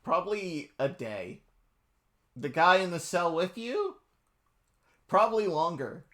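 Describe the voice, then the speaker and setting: A man's voice: sits high, sing-song, slow pace, sharp tone. A man narrating as game master of a tabletop game, casually describing scenes.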